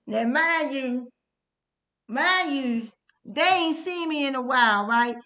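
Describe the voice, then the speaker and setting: A woman's voice: high voice, animated, slow pace, bright, forceful tone. A middle-aged woman telling a personal testimony story in a casual, rambling way, full of stammers, filler sounds, swearing and tag questions. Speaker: testimony speaker.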